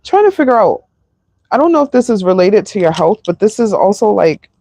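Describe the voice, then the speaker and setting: A woman's voice: mid-range voice, very animated, a little fast, dark tone, no echo. A woman doing a live tarot reading, emotional and sighing, with many fillers. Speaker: tarot reader.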